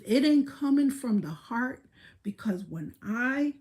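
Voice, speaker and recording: Brief: woman livestreamer, slightly high voice, slow and deliberate, blunt and profane, boastful. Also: animated, a little mellow. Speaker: livestream host. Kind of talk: casual livestream rant.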